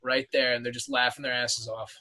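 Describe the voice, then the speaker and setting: Casting: young man from New Jersey, bright tense voice, casual chatter full of "like.". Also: medium pitch, brisk, rough recording. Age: young adult. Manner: lots of "like" fillers, animated retelling. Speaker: wrestler guest. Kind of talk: casual chat.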